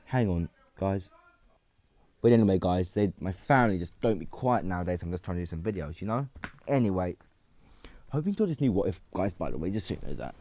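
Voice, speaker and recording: Rambling low-voiced man narrating a story. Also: expressive, mellow, a little hiss or hum. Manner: rambling, halting, many restarts and asides to viewers. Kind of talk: casual improvised story narration.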